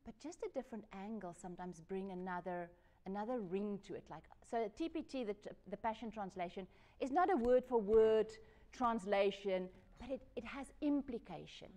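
A woman's voice: mid-range voice, mellow. A woman giving a discipleship Bible lesson in an earnest, personal, conversational way, acting out quoted lines as she goes. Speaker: Bible teacher. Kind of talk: discipleship teaching.

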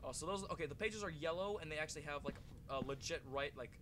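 A young man with a somewhat high voice talks his way through a horror game. He rambles with plenty of fillers, then swears and shrieks when the game startles him. Steady clicking and a clear bed of noise run under his voice. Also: fast talker. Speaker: gaming channel host. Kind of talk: let's play commentary. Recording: audible clicking and background noise.

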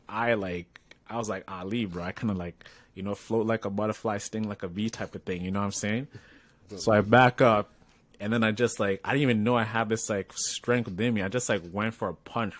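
A man's voice: on the low side, moderate pace, no echo. A man co-hosting a podcast, telling a story in casual chat and acting out the voices of the people in it. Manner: animated storyteller, acts out quoted voices. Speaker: podcast co-host.

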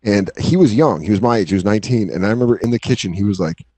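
A man in his late thirties, a podcast co-host, telling crude comic stories in casual chat and acting out quotes in high yelps. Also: racing, dry recording. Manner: animated, swears freely, acts out quotes in high yelps. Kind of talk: casual comedic storytelling.

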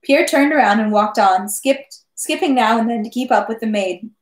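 A woman reading a classic novel aloud in measured, steady narration. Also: fairly high pitch. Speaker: reader. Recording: echoey room.

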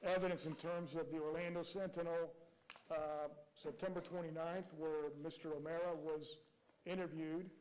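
Man, prosecutor, courtroom argument, high voice, rhetorical questions. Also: little pitch movement, moderate pace, a little mellow, low-quality recording. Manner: reads quotes aloud.

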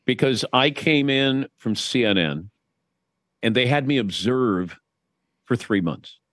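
A man's voice: medium pitch, slow pace, dry recording, clean studio sound. A man in casual sports chat, telling stories with energy and putting on voices when he quotes people. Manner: animated storyteller, does voices when quoting. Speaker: guest.

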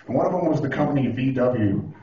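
A man doing a profane, animated stand-up routine on a club stage, now and then breaking into shouted impressions. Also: medium pitch, quick pace. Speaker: stand-up comedian. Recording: roomy, distant, dull lo-fi club recording. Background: audience laughing.

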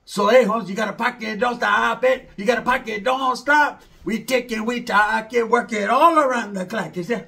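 A man's voice: very high voice, moderate pace, creaky, few pauses, sharp tone. A man doing a rambling, slangy comedy monologue, mixing in Spanish words.

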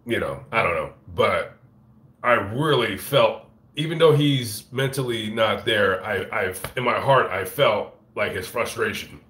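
Low-voiced man ranting through a profane story. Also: measured pace, reverberant. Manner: rambling, profane, animated retelling. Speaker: vlogger telling a story. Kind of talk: casual live-stream storytelling. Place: fast-food restaurant. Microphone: phone camera.

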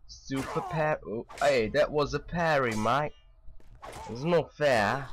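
A man's voice: medium pitch, slow, fairly bright tone. A man casually commentating a video game playthrough, joking and talking back to the characters. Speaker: gamer commentating his playthrough. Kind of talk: casual let's play commentary.

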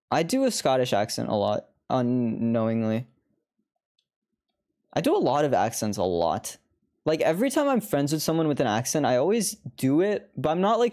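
Animated, swearing woman streamer. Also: extremely low pitch. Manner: chatty, swears often, laughs a lot. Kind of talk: live gameplay commentary.

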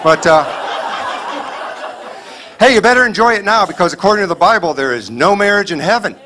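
A man's voice: high voice, lively intonation, a little fast, background noise. A man doing a clean stand-up set before a live audience, telling punchy stories with mock dialogue. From Kansas City area, US. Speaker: stand-up comedian. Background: audience laughter.

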